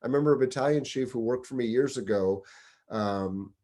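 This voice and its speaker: A man's voice: medium pitch, brisk, dark tone. A middle-aged man, a deputy fire chief, giving career advice in a conversational, storytelling way. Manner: conversational storyteller, acts out quoted dialogue. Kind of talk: casual advice talk.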